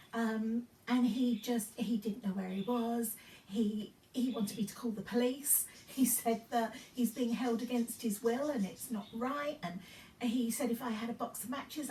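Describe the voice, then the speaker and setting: A woman's voice: on the high side, steady tone, moderate pace, a little mellow, a little hiss or hum. A woman in her fifties chatting casually in a vlog, rambling through her story with many ums and restarts. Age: 50s. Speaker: fashion vlogger. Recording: roomy sound from a distance off the mic.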